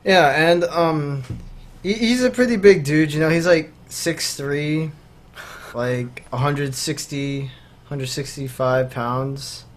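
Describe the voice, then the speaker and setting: A man's voice: a little high, takes it slowly. A young man co-hosting a podcast in casual chat, talking loosely with lots of fillers. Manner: loose and rambling, many fillers. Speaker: podcast co-host.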